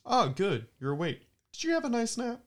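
A man voicing a female android neighbor who is smug and taunting, in a high put-on voice. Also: wildly swooping pitch, moderate pace, exaggerated voice.

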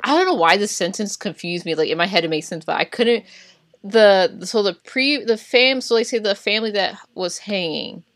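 A woman's voice: medium pitch, moderate pace, fairly bright tone, dry recording. A woman co-hosting a podcast, talking through a film in a hesitant way, often restarting and correcting herself. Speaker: podcast co-host. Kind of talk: casual film discussion.

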